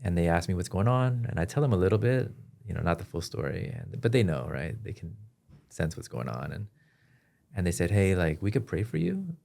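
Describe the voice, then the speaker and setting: A man as a podcast guest, telling his personal story in an earnest, halting way with frequent restarts. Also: low voice, very animated, creaky, a little mellow. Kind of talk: personal testimony in an interview.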